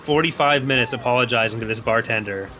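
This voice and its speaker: A young man with a bright, forceful voice, telling a story between races in a laid-back, sweary way. He laughs through his own tale as the game goes on. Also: mid-range voice, fast talker, slight background noise. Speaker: co-player. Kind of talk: casual storytelling while gaming.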